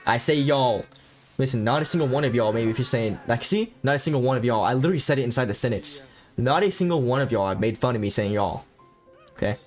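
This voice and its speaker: Talking fast and animatedly, this young man from the United States has a medium pitch with a bit of mellowness, and faint music plays behind him. He's streaming a horror game, reading its text out loud and bantering casually with viewers, all with a drawl, some swearing, and jokes for chat.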